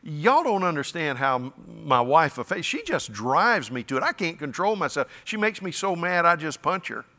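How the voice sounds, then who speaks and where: A man's voice: a little high, very animated, moderate pace, hardly any pauses, bright, forceful tone, in a large hall, heavily acted. A man voicing a defensive, angry man who blames others for his temper.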